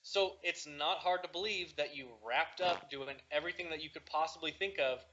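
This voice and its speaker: Bright-voiced insistent man. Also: fairly high pitch, a little fast, muffled recording. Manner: argumentative, insistent. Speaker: podcast co-host. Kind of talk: casual chat.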